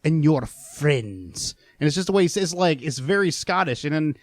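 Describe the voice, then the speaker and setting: A man co-hosting a podcast, chatting casually with lively, laughing asides. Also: on the high side, fast, dry recording. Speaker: podcast co-host.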